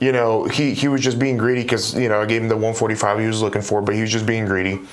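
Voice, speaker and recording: Young man, investor guest, animated storyteller, casual chat. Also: on the low side, fast talker. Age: 20s. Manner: animated, acts out quoted dialogue. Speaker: real estate investor guest.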